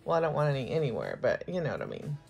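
A woman's voice: very deep voice, huge pitch swings, racing, creaky, a little mellow, slightly rough, faint music behind, rough recording. A cheerful, chatty woman vlogging on a phone, partly while out on a forest walk, cooing at her dog now and then. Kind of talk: casual chatty vlog.

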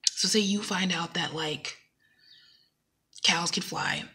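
A very husky, breathy woman with a gravelly edge talks casually to her camera in a bright, forceful tone. She rambles with plenty of fillers, slips into a whisper now and then, and acts out what other people say. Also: on the low side, slow pace. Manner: rambling and animated, acting out quoted dialogue; drops into whispers at times. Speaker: vlogger.

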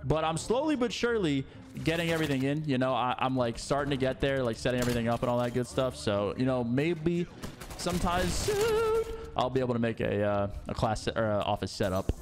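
A young man commenting on his own first-person shooter game play, excitable, mumbling when tense and yelling when things go wrong. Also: mid-range voice, brisk. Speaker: gaming YouTuber. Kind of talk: live gameplay commentary. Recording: game gunfire and music underneath. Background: game gunfire and music.

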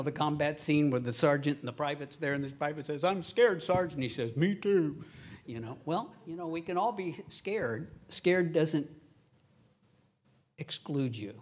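A middle-aged male pastor preaching a lively sermon, acting out voices in his stories. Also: on the high side, slightly rough. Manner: animated, acts out quoted voices, laughs at his own stories.

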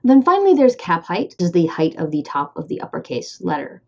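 Midwestern lady hosting an explainer, chatty and upbeat, mellow voice, kinda muffled sound. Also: low voice, expressive, a little fast, gravelly. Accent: American Midwestern. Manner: playful, upbeat, with asides. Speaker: host. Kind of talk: scripted educational explainer.

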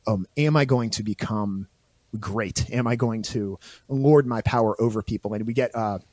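A man's voice: lowish voice, normal speed, a little mellow, no room sound. Eager man explaining with lots of fillers. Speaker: podcast guest. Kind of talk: casual discussion.

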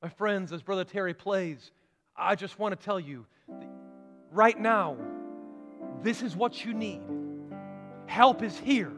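High-voiced pastor preaching in a reverberant church. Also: male voice, slow, pauses often, music in the background. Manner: preacherly, rising to emphatic declarations. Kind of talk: sermon.

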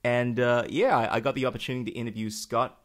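A man's voice: mid-range voice, fairly even intonation, fast talker. A man hosting a podcast, talking in a chatty, joking way as he introduces his guest. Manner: chatty, jokey, self-promoting. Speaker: podcast host. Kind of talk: casual podcast chat.

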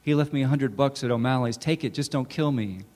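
A man's voice: mid-range voice, a little fast, darkish tone, lightly acted. A man voicing a frightened, meek drunk man who begs and blubbers, recorded in a reverberant hall. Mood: nervous. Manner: begging, blubbering.

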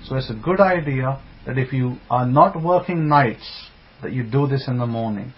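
A man's voice: medium pitch, moderate pace. Man, Bible teacher, emphatic sermon, rhetorical questions, muffled lo-fi recording. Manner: greets online listeners by name mid-talk. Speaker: religious teacher. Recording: dull lo-fi sound.

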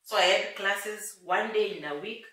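A woman in her thirties telling her story as an interview guest, animated and laughing often, acting out the voices she quotes. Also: mid-range voice, normal speed. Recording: echoey room, mic at a distance.

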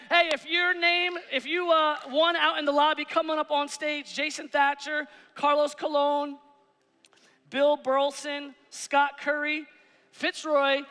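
A male pastor preaching a sermon, animated, swinging between shouts and hushed asides on a church stage. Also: extremely high pitch, vocal fry. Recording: reverberant church hall.

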